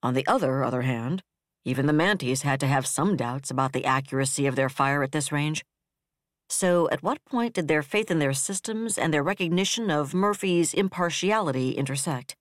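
An audiobook narrator reading military science fiction in a steady, even storytelling manner. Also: medium pitch, normal speed, no room sound, clean studio sound.

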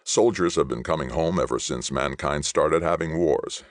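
A man's voice: very deep voice, normal speed, dry recording, studio quality. A man reading a resigned but upbeat official. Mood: encouraging. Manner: steady, encouraging. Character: resigned middle-aged male official, upbeat.

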